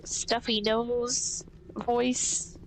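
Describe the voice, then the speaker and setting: A woman's voice: a little high, flat delivery, extremely slow, slight background noise, rough recording. A woman casually commentating a video game playthrough, thinking aloud with a stuffy nose. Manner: thinks aloud, rambling with fillers. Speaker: gaming streamer.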